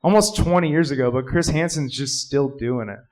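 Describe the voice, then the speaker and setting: A man performing a stand-up comedy set, rambling and jumping into shouted character voices. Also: mid-range voice, a little fast, poor audio. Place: live comedy club.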